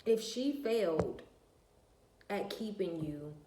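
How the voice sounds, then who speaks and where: A woman's voice: medium pitch, expressive, slow, dark tone, slight background noise. A woman, venting bluntly and profanely to her viewers in a casual rant. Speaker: vlogger. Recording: echoey room.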